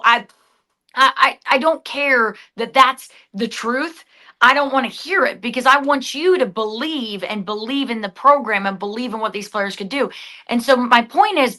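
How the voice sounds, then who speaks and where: A Southern woman with a high, bright, forceful voice argues her points on a sports talk show. She is emphatic and often stops to restart a sentence. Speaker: podcast co-host.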